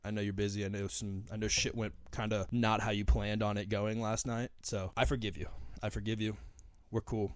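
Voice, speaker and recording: A man's voice: on the low side, dry recording, clean studio sound. Profane, ranting young man hosting a podcast. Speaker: podcast host. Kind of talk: solo podcast monologue.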